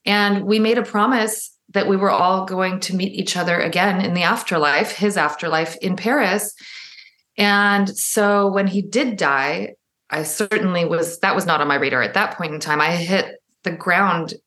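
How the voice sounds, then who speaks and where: A woman, guest and author, telling a personal story in a conversation, animated, often laughing and acting out the voices she quotes, in a room at home. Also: medium pitch, normal speed, echoey room. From Los Angeles area. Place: room in her father's house.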